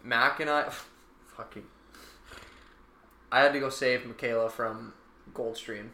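A man's voice: medium pitch, steady tone, slow pace, sharp tone. Chatty joking man on a podcast. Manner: chatty, joking, swears casually. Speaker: podcast co-host. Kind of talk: casual chat. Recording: roomy sound with faint background noise.

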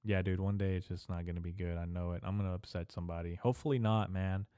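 A man's voice: low-pitched, fairly even intonation, fast talker, mellow, smooth, no room sound. A young man hosting a solo podcast, rambling and swearing in casual slang, talking into a studio mic on a stand in a small room. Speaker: podcast host. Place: small echoey room in an old building.

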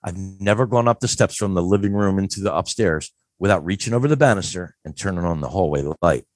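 A man in his fifties from Philadelphia, telling a story in a casual, animated way and acting out the voices in it. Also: low voice, fast talker, no echo, studio quality. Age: 50s. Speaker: guest.

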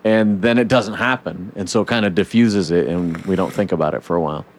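A man with a low voice leads a relaxed podcast conversation. He swears freely and keeps acting out the scenes he retells. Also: fairly quick. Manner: animated, swears, acts out comic scenes in voices. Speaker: podcast host. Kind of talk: casual chat.

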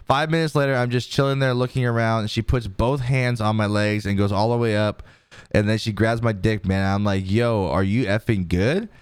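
Low, smooth-voiced man reading the news. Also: steady tone, moderate pace, no room sound, studio quality. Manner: reads aloud with frequent fillers and restarts. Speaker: podcast host. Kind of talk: casual commentary reading news articles.

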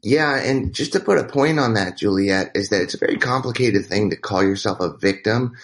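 A man with a fairly low voice talks as a guest in an interview. He tells a candid personal story in a rambling way, with restarts and quoted dialogue. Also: fairly quick.

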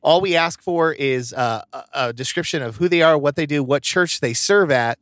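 A man's voice: on the high side, normal speed, a bit bright, no echo, clean studio sound. A man co-hosting a podcast in casual chat, telling stories and laughing often. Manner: chatty storyteller, laughs often. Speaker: podcast co-host.

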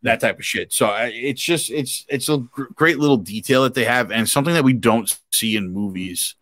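A man's voice: mid-range voice, normal speed, a bit bright, no room sound. A man co-hosting a podcast, chatting casually and animatedly about action movies, swearing now and then. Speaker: podcast co-host.

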